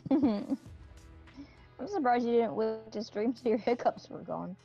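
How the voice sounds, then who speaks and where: A woman with a fairly high, lively voice teases her partner and laughs easily in casual chat during a game. Game music plays clearly behind her. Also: slow, dull audio. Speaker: co-player.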